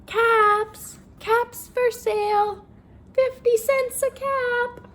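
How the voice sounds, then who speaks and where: A woman voicing an angry male cap peddler who scolds and shouts in a raised, high voice. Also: steady tone, extremely slow, heavily acted. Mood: calling out.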